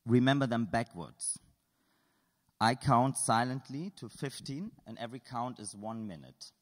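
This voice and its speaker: A man's voice: mid-range voice, long reverb tail. Playful man quizzing an audience. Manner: playful, dry humor, quizzes the audience with show-of-hands questions. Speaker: artist giving a lecture. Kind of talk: interactive lecture polling the audience. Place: lecture hall at an art school.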